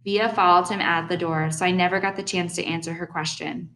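A young adult woman reading a first-person audiobook in a steady, earnest storytelling manner. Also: on the low side, fairly quick, rough recording. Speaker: audiobook narrator.

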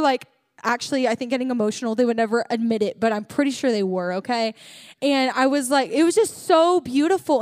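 A young woman delivers a church message in a high, bright voice, mixing preaching with a chatty personal story full of filler words. The sound is close and dry, with no room echo. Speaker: church speaker. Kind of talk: sermon.

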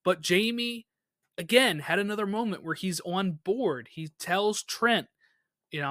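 A podcast co-host in a casual recap chat, talking in animated quick bursts and laughing often. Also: medium pitch, no echo, studio quality.

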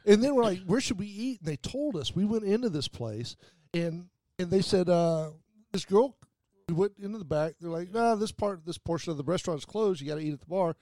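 A man with a high voice spins rowdy, profane stories, acting out every quote. The sound is dry and close, like a studio mic. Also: a little fast, no room sound. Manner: profane, animated anecdote-telling with acted-out quotes. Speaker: radio show host. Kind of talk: casual chat, storytelling.

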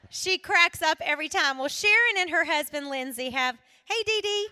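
A woman from South Carolina with a Southern accent, giving an animated testimony talk to a live audience, laughing often and dropping from loud to hushed. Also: very high-pitched, moderate pace, few pauses. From South Carolina, USA. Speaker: singer and speaker at a women's event.

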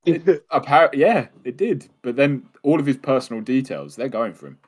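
A man's voice: medium pitch, sing-song, normal speed, a little mellow. A man co-hosting a casual podcast, reading short horror stories aloud in a laid-back, hesitant way. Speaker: podcast co-host.

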